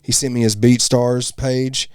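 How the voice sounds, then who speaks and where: A rapper chats on a podcast in a relaxed, halting way and often stops to search for words. His pitch is mid-range, and the recording is dry and close. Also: clear, resonant tone, no echo. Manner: relaxed, halting, lots of fillers. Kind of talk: casual podcast chat.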